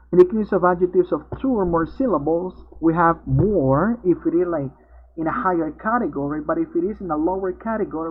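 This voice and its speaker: A man's voice: high voice, a little hiss or hum. A male English teacher, patiently explaining grammar step by step in an online class. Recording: tinny narrowband video-call audio.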